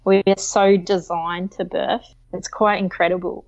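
A woman's voice: on the low side, level tone, a little slow. A woman, chatting as an interview guest and acting out the people in her story. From Australia. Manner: chatty, acts out quoted voices. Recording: slightly dull lo-fi audio.

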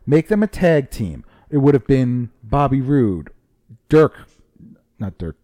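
A man in casual chat, animated and swearing as he retells quotes. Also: medium pitch, slow, no room sound. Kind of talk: casual chat about pro wrestling.

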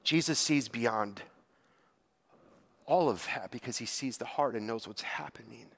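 A man preaching a sermon, telling the story with animated quotes and casual filler words. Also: medium pitch, measured pace, creaky, husky.

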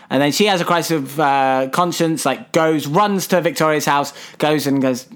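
A man co-hosting a casual film podcast at an average pitch. He recaps the plot with heavy sarcasm and swearing. He jumps into a high, exasperated voice when something annoys him. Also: normal speed, a bit bright, clean tone. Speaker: podcast co-host. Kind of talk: casual film review chat.

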